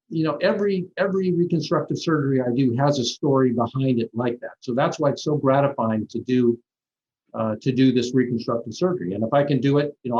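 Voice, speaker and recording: A man's voice: medium pitch, a little mellow. Man telling stories in a dull lo-fi recording. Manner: rambling, with frequent restarts and light laughs. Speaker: plastic surgeon guest. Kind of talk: conversational interview storytelling. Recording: dull lo-fi audio.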